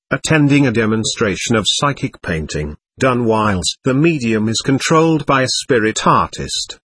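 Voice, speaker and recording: Man, memoir reading, husky voice, close dry sound, measured. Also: medium pitch, fairly bright tone, dry recording.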